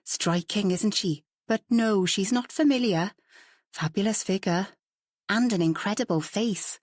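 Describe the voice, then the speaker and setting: A woman's voice: mid-range voice, unhurried, dry recording, clean studio sound, natural voice. A woman voicing a curious, outspoken woman painter who talks in a chatty, forthright way, in a storybook reading.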